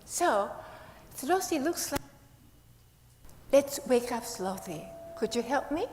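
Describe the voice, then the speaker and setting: A woman's voice: high-pitched, lively intonation, a little slow, pauses often, darkish tone. A woman minister giving a playful children's sermon with a puppet, coaxing the kids with questions. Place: temple hall. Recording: echoey hall, faint hiss.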